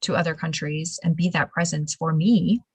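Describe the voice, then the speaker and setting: A woman hosting a casual interview, telling stories in an animated, emphatic way and laughing now and then. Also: low-pitched, normal speed, slightly rough, no room sound, low-quality recording. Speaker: show host.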